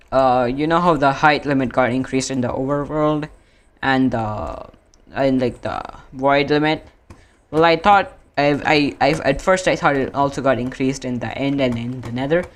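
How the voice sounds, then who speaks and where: Rambling streamer from India. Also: mid-range voice. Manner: rambling, self-correcting, drawn-out fillers. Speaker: gaming streamer. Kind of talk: casual gaming stream chat.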